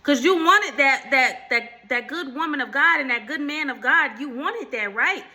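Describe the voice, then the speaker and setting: A woman talks straight to her viewers in a casual faith chat, with a piercing, very bright tone set a little high. She calls them y'all and slips into preachy asides. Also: expressive, moderate pace. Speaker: faith and relationship channel host. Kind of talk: casual faith talk to camera.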